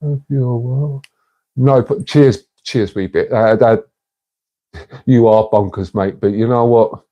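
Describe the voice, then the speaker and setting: Male streamer, relaxed warm voice, casual chatty host. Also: medium pitch, slow pace, muffled recording. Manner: chatty, matey, reads and answers comments. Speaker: livestream host. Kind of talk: casual livestream chat with viewers.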